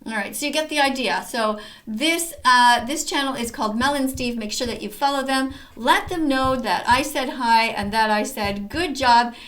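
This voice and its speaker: A woman's voice: on the high side, normal speed, few pauses, fairly bright tone. A woman hosting casual commentary over activist videos, talking in an emphatic, enthusiastic way. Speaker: host reacting to activist videos.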